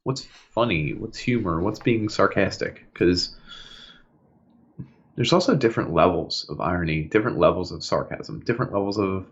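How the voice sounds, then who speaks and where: A man's voice: deep voice, normal speed, highs cut off. A man co-hosting a casual podcast chat, telling stories with lots of laughter and acted-out quotes. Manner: animated storytelling, acts out quotes, laughs a lot. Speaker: podcast co-host.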